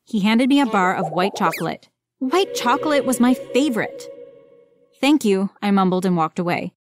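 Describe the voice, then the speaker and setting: A woman reading a first-person story aloud as a storyteller, in an expressive, dramatic way. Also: mid-range voice, brisk, music in the background. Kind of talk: scripted first-person narration.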